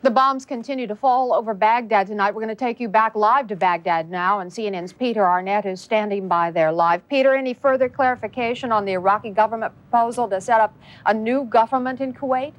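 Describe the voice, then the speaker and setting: A woman anchors a live news broadcast in a slightly high voice. She moves crisply from one report to the next and hands over with brisk questions. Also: poor audio.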